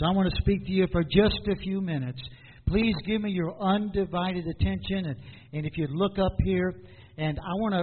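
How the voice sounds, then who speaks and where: A high-pitched male pastor preaching in a church, pausing for effect and asking the same question over and over. His voice comes through tinny and thin, with a long echo of the hall behind it and a faint hiss. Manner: preaching with dramatic pauses and repeated questions. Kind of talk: sermon. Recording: tinny phone-like sound in a hall.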